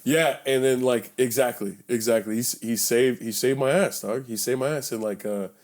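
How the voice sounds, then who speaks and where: Young male podcast host, lively storyteller who voices every character in the tale. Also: medium pitch, normal speed. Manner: animated storyteller, acts out quotes loudly, swears casually. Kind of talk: casual storytelling chat. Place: bedroom.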